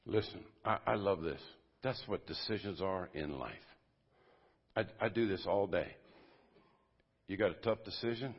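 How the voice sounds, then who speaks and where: A man, a pastor, giving an informal sermon to a men's group at a church service, talking conversationally and swinging from loud bursts to quiet asides. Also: low-pitched, expressive, measured pace, long pauses, breathy edge. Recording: dull lo-fi sermon audio.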